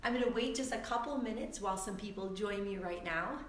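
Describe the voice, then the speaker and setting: A woman fitness instructor chatting with viewers before a live online workout class, upbeat and greeting people by name, her voice a little hoarse from the morning. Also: mid-range voice, a little fast, roomy sound, a little hiss or hum. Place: room at home.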